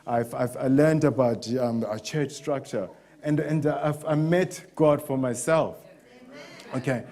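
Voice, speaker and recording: A middle-aged man from Zimbabwe preaching a sermon as a personal testimony, candid and halting, often restarting and acting out the voices of others. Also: medium pitch, a little mellow.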